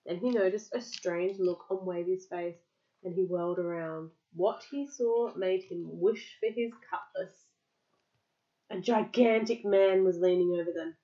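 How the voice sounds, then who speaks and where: Reading a picture book to a child, a woman with a mid-range voice keeps things lively and pauses to explain words and field questions. The audio is dull.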